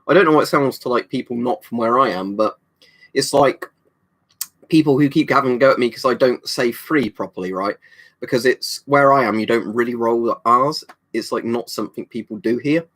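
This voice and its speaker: A man's voice: medium pitch, fairly quick, fairly bright tone. Rambling British man on a livestream. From United Kingdom. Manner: rambling, many ums and restarts. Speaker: livestream host. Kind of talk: casual livestream chat, reading viewer comments.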